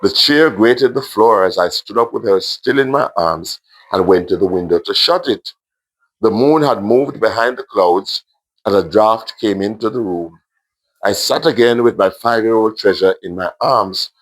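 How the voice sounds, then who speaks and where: A Jamaican man reads his own emotional story to a primary school class, gently and with occasional asides. His voice sits fairly low, and he keeps a moderate pace.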